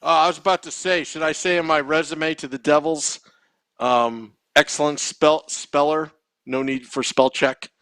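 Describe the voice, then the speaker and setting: A man co-hosting a podcast in casual, animated, self-mocking chat. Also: a little high, normal speed, smooth, dry recording, clean studio sound. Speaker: podcast co-host.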